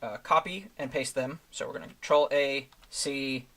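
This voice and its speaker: A man's voice: medium pitch, moderate pace, fairly bright tone. A man casually commenting while he works on a live stream, thinking aloud with lots of fillers and restarts. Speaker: streamer making thumbnails.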